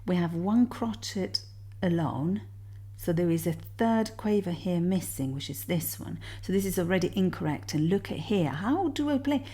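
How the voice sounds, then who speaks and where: A woman's voice: fairly low pitch, normal speed, mellow. A woman teaching music theory, patiently explaining exam answers step by step and counting beats aloud.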